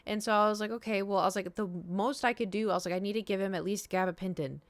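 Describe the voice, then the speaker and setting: With a steady, medium-pitched voice and a quick pace, a young streamer rambles through a lengthy story in casual conversation. She acts out the dialogue and swears here and there, with no room sound.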